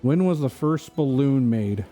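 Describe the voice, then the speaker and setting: A man's voice: medium pitch, lively intonation, measured pace, warm tone, faint music behind. A man streaming a video game, chatting casually in a rambling, joking way that keeps drifting off topic. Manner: rambling, joking, easily sidetracked. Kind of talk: casual chat while gaming.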